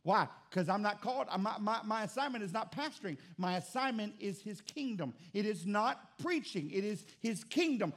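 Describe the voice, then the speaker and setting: A man preaching a sermon as pastor, fervent, moving between quiet and loud. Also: high-pitched, animated, normal speed, few pauses. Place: church.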